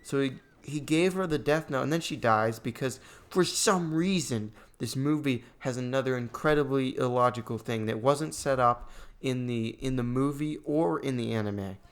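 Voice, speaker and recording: A young man giving a ranting movie review, exasperated and sarcastic, his voice going a bit hoarse. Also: medium pitch, normal speed. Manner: exasperated, sarcastic, voice spikes when annoyed. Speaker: gaming channel host reviewing a movie.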